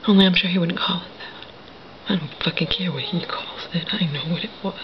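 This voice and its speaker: A woman vlogger talking in a hushed whisper, bitter and full of profanity, in a personal monologue. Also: fairly low pitch, normal speed, muffled recording.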